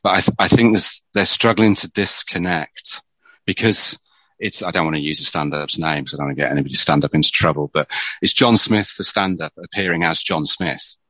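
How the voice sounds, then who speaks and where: Deep bright-toned man, chatty. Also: a little fast, dry recording, poor audio. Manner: chatty storyteller, many restarts. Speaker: screenwriter guest. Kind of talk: casual conversation.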